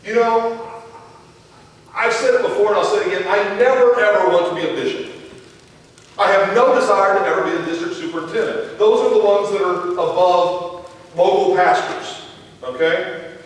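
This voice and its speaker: A man's voice: sits high, normal speed, pauses often. A man pastor giving a sermon with a Midwest American accent, telling a family story and acting out the dialogue. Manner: animated storytelling, acts out dialogue. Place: church sanctuary. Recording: echoey church hall from far off, faint noise.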